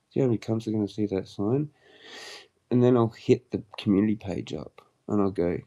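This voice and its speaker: A young man rambling through a casual livestream, crude and full of slang and laughter. His voice is low, dark and husky, with a gravelly edge. He drags his words out slowly.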